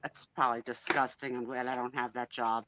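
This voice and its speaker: A woman's voice: a bass voice, dull audio. A woman from New Jersey with a New Jersey accent, chatting animatedly and giggling on a live stream. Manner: animated, giggly, quick to exaggerate. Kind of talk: casual live-stream chat.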